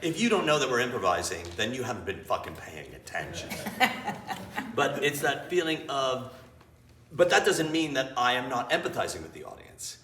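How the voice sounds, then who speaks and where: A man's voice: mid-range voice, normal speed, distant mic, a little hiss or hum. A man, an improv teacher, telling stories to a live audience in a small theater with blunt, profane candor. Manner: blunt and profane, freely swearing; animated storyteller who acts out scenes. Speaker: improv teacher and interview guest. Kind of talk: candid storytelling before a live audience. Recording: echoey room, voice from afar, faint ambience.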